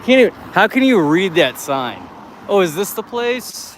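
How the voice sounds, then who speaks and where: Walking through the city at night on a live stream, an American man talks in a high, sing-song voice at a measured pace, with slight background noise. He rambles casually, laughs a lot and swears often.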